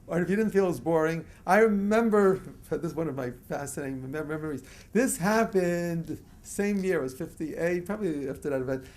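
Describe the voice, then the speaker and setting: A man's voice: fairly high pitch, brisk, darkish tone. An older man from the United States giving a motivational lecture to a live audience, telling stories, chuckling often and leading the crowd in chants. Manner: storytelling, leads the crowd in chants. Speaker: motivational speaker.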